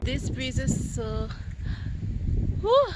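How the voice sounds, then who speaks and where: A woman's voice: high-pitched, very animated, drawn-out words. A woman, vlogging casually outdoors in a rainforest garden. She talks effusively into a handheld phone and says "like" a lot. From St. Vincent and the Grenadines. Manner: effusive and chatty, leans on "like" a lot. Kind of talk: casual outdoor vlog chat. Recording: loud outdoor background noise.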